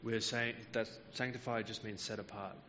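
A man delivers a Bible teaching sermon in a fairly low voice, explaining each verse carefully and pausing on the odd filler. The sound is slightly muffled and lo-fi. A long reverb trails behind him, with faint noise underneath. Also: steady tone, sharp tone. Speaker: preacher.

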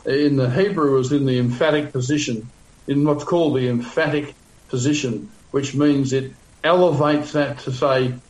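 A man's voice: mid-range voice, echoey room, low-quality recording. A male pastor teaching a Bible passage in a sermon, conversational with frequent fillers, restarts and wry asides.

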